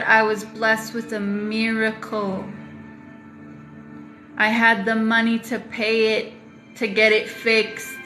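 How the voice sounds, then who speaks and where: A woman speaking slowly and deliberately to camera in a confessional vlog, her voice bright and fairly high. She leans on repetition and blunt language to drive her points home. The room is echoey. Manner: emphatic, repeats phrases for weight, swears. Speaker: vlogger.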